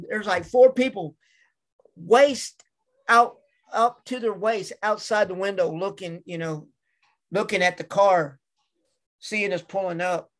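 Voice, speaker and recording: His voice is high-pitched and a little bright. A middle-aged wrestler and manager appearing as an interview guest, he shares relaxed anecdotes, performing other people's lines in their own voices.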